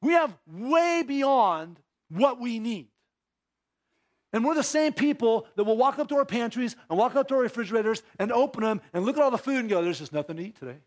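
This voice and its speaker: A man's voice: very high voice, lively intonation, normal speed. A man preaching a sermon in a church, conversational, with rhetorical questions and acted-out bits of dialogue. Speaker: pastor. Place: church sanctuary.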